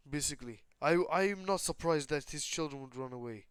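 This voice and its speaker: A man's voice: mid-range voice, a little fast, hardly any pauses, a bit bright, clear, resonant tone, no room sound. A teenage boy casually retelling a fan-made story, rambling with lots of fillers. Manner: rambling, many fillers like "basically" and "like".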